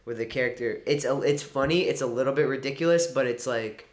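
A man's voice: medium pitch, fast. A man co-hosting a podcast, chatting casually in a rambling, self-mocking way. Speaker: podcast co-host. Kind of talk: casual chat. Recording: roomy echo.

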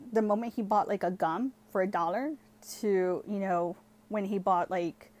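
A woman's voice: medium pitch, a little mellow. A young woman telling a personal story in a casual, chatty way, full of "like" and switching into Spanish now and then. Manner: chatty, heavy use of "like", switches between English and Spanish.

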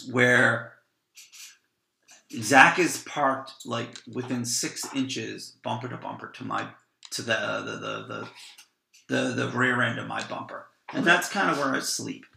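Gravelly, bright-voiced rambling man. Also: medium pitch, very animated, slow pace, long pauses, slight background noise. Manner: rambling, repeats words, acts out quotes. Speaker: podcast guest, van traveler. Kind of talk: casual storytelling. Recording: roomy echo.

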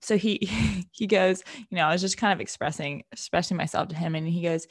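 A woman's voice: on the low side, a little fast, no echo, studio quality. A young woman talking casually about faith and dating, chatty and full of fillers. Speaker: speaker sharing a faith testimony.

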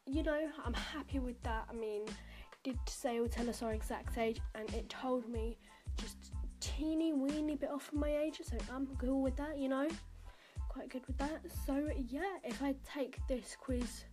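A teenage girl from the United Kingdom hosts a podcast, rambling casually while she takes an online quiz, full of fillers and asides. Her voice is high and a little slow, with music playing in the background.

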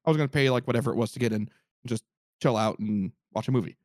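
A man telling a story in casual podcast chat, animated and profane, acting out what people said. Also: mid-range voice, racing, no echo, studio quality. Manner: animated, profane, acts out quotes.

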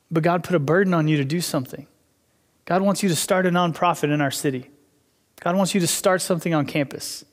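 A young adult male pastor preaching a casual, conversational sermon, acting out inner dialogues with God, in a church hall. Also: on the high side.

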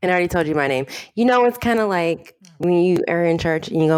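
A woman's voice: fairly low pitch, animated, fast talker, hardly any pauses, clean tone, no room sound. A woman co-hosting a faith podcast in casual chat, laid-back and plain as she reads out details. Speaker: podcast co-host.

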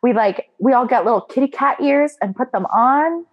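A young woman in casual chat, emphatic and animated, laughing often. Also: high voice, normal speed, highs cut off.

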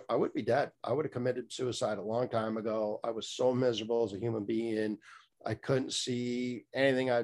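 A middle-aged man telling a candid personal story as a guest, rambling with many fillers and restarts, blunt and a little profane. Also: mid-range voice.

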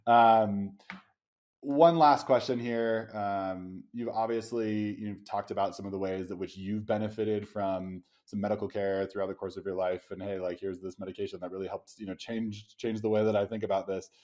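A man with a very low voice hosts a podcast interview. He frames long questions slowly and with some hesitation, often pausing on ums. He responds to his guest in a reflective way. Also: steady tone, darkish tone. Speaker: podcast host. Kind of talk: interview conversation.

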